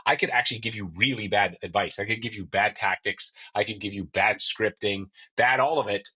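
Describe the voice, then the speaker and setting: A man with a husky voice, hosting an energetic, emphatic motivational podcast and telling stories with quoted dialogue. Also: lowish voice, fairly quick, low-quality recording. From Canada. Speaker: podcast host and mortgage coach. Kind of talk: motivational solo podcast talk.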